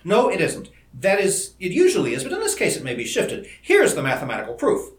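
Eager young male inventor, man reading the part, animated delivery, echoey room. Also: sits high, pitched above the performer's own voice. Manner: eager, rapid enthusiasm. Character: bright, excitable young male scientist. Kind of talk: audiobook character reading. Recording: roomy echo.

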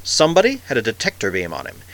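A man narrating a science-fiction story in a measured, expressive reading. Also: mid-range voice, rough recording. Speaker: audiobook narrator.

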